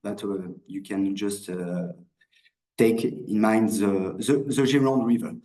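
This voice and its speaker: A man's voice: fairly low pitch, steady tone, takes it slowly, mellow, reverberant, poor audio. French-accented man presenting on a video call. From France. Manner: hesitant, many restarts and fillers. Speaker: wine merchant presenter. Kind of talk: online wine presentation.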